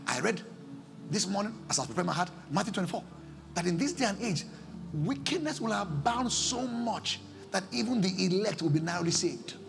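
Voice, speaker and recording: Nigerian man, pastor preaching a sermon; high gravelly voice, shouts then pleads. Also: expressive, a little fast, music in the background. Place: church service.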